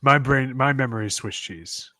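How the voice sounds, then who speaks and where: A man's voice: mid-range voice, normal speed, pushed and bright, no echo, studio quality. A young man from Long Island co-hosting a sports podcast, joking wryly in casual chat. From Long Island, New York. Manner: wry, joking, wrestling slang. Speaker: podcast co-host.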